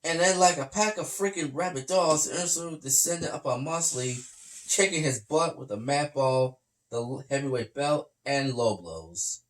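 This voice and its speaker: A man's voice: fairly high pitch, a little slow. A man hosting a casual podcast, reading match results aloud and stumbling over names. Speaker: podcast host. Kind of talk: reading recaps in casual chat.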